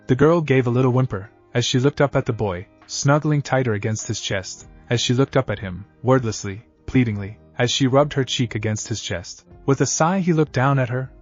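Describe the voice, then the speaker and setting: A man reading scripted fan fiction narration in a steady, even way. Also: mid-range voice, normal speed, hardly any pauses. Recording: dull lo-fi audio with faint music.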